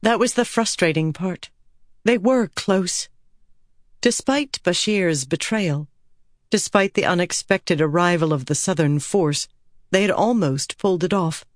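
A woman narrating a fantasy novel in an even, measured audiobook reading. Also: on the low side, no room sound, studio quality.

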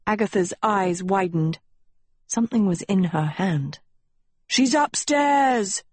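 A woman narrating a fairy tale audiobook in a slow, measured storytelling voice. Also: lowish voice, a little mellow, slightly rough, no echo. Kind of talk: scripted narration.

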